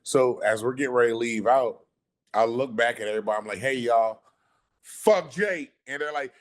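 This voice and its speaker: A man telling a story casually on a podcast, animated and profane, acting out the people he quotes. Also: mid-range voice, normal speed, pauses often. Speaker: podcast guest.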